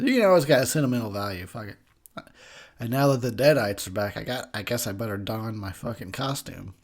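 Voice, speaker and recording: A man's voice: medium pitch, brisk. A young man giving crude, joking commentary over a movie while drinking beer, laughing often. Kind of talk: casual drunk movie commentary.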